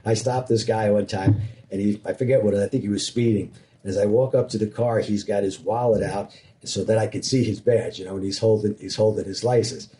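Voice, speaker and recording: A middle-aged man, a former police officer and riding instructor, telling funny stories in a casual, animated way. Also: fairly low pitch, brisk, slight background noise. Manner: animated, self-deprecating humor. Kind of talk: casual storytelling in conversation.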